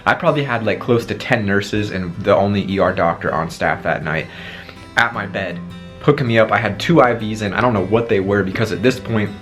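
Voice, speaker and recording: A man's voice: on the low side, brisk, fairly bright tone, soft background music. A man in his twenties telling a dramatic personal story on his vlog, acting out his own past lines, with a sore throat. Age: 20s. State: sore throat after tonsil surgery. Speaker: vlogger.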